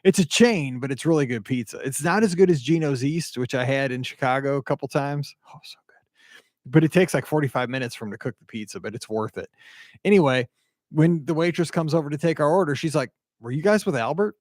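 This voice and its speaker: A middle-aged man from the American Midwest, hosting a podcast and telling a rambling, animated story full of asides and quoted dialogue. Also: on the high side, fast, no room sound, clean studio sound. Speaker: podcast host. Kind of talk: casual storytelling monologue.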